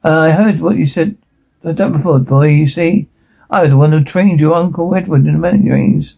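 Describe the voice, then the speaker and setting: An actor playing a gruff, belittling male military drill instructor in a TV sitcom. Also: fairly high pitch, brisk, dark tone. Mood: scornful. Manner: barking, belittling. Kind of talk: British TV sitcom acting.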